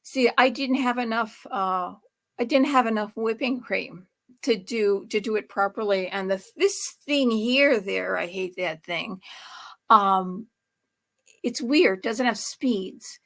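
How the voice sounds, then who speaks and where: A woman's voice: mid-range voice, slow pace, gravelly, a bit bright. A woman hosting a home cooking show, talking through a recipe in a chatty, rambling way that wanders off topic and corrects itself. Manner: chatty, digressive, self-correcting with laughs.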